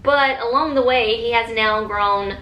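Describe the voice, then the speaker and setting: A woman's voice: fairly high pitch, measured pace, echoey room, highs cut off. A woman vlogger chatting casually and eagerly about books, with lots of fillers and restarts. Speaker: book vlogger. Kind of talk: casual chat.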